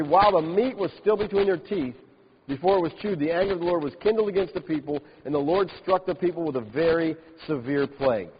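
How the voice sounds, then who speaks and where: A man preaching a sermon, reading scripture aloud and breaking off into animated, mocking commentary. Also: high-pitched, slightly rough. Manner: animated, mocking the complainers with laughs and exaggerated quotes. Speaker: pastor. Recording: dull lo-fi sound in a large reverberant hall with faint hiss.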